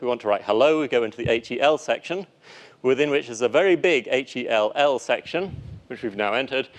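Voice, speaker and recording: A man lecturing and demonstrating software to an audience, lively and playful, with animated asides. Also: mid-range voice. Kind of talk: live technical talk with demo.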